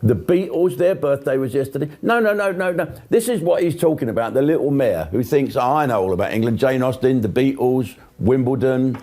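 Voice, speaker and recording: A man holds forth in a sweary, sarcastic rant, mocking and blunt, his voice dark and mellow. He sits in a middle pitch and throws out crude asides. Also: lively intonation, moderate pace, few pauses. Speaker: political commentator.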